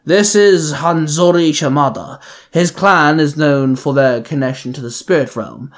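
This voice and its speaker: A fairly high-pitched man voices a male assassin leader for a fan audio story, making him cold, arrogant, measured and condescending.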